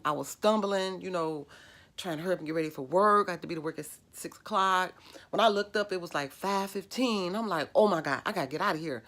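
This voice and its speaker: A woman's voice: fairly low pitch, vocal fry, a bit bright. A middle-aged woman, telling a personal story in a vlog, emotional and rambling with many fillers. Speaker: vlogger.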